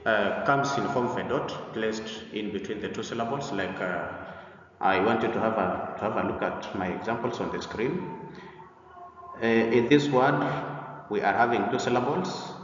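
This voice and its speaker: Man, teacher giving a lecture, lowish voice, deliberate and repetitive, echoey dull recording from a distance. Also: slight background noise. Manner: deliberate, repeats himself, frequent "uh" fillers. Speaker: English teacher presenting a lesson. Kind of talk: lecture-style lesson.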